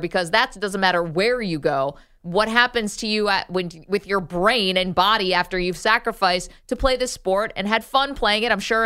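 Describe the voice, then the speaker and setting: Smooth-voiced woman debating on a sports show. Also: medium pitch. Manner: lively, persistent, questioning. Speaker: sports talk co-host. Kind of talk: casual studio debate. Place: studio set.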